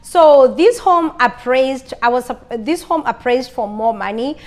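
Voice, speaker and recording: A woman's voice: high voice, lively intonation, measured pace, a little mellow. A woman vlogger telling her own story in a casual, chatty way, often repeating herself and restarting sentences. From lives in Arizona.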